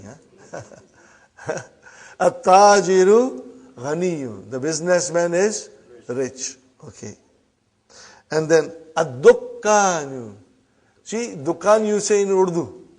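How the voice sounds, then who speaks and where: A man teaching an online Arabic class. He reads each Arabic phrase slowly, explains it quickly in English, keeps saying "huh?" and calls his students brothers and sisters. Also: high voice, a little mellow, breathy edge.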